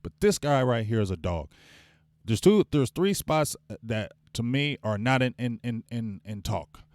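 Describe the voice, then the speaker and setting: A man's voice: medium pitch, animated, measured pace, a little mellow, dry recording, studio quality. A man hosting a casual live sports fan stream. He rambles, gets hyped and calls out to the chat viewers. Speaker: fan show host.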